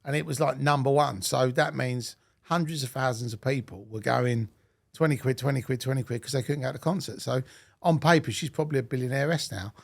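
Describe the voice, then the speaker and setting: A podcast host with a strong vocal fry and a gravelly edge. He talks in a relaxed, informal way, passing anecdotes back and forth with his guest. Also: mid-range voice, fairly quick. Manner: relaxed, conversational, uses informal grammar. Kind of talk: casual interview chat.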